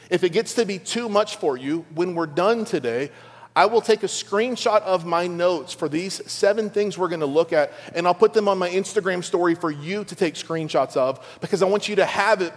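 A middle-aged man preaching a conversational sermon to his church, with playful asides to the congregation. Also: high voice. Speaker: pastor. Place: large church auditorium. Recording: long church hall reverb.

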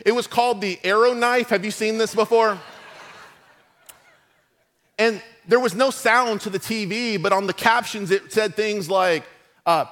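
A middle-aged man preaches a sermon as a pastor. He tells humorous stories and throws lively asides to the congregation. His voice sits high for a man. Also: a little slow, long pauses.

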